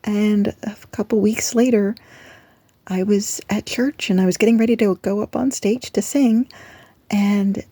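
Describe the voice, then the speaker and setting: A woman giving an earnest, gentle devotional talk that encourages her listeners. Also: medium pitch, steady tone, unhurried, dry recording. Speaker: Christian devotional speaker.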